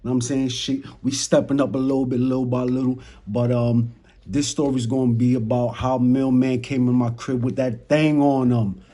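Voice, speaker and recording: A man's voice: medium pitch, normal speed. A young man with a New York accent telling a casual storytime in slang, talking straight to his chat and acting out the moments. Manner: slangy, talks to chat, animated retelling. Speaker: storyteller vlogger. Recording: noisy background.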